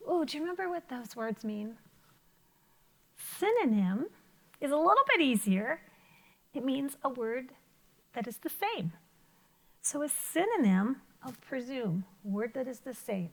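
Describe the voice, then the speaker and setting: Lively teacher woman with vocal fry. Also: sits high, unhurried, pauses often. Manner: encouraging, talks to young pupils with questions and praise. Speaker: elementary school teacher. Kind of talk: remote vocabulary lesson for children.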